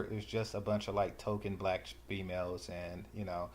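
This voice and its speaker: A man's voice: low-pitched, flat delivery, moderate pace, few pauses, a little mellow. A man hosting a reaction video, giving sarcastic, rambling commentary full of fillers. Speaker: commentary channel host.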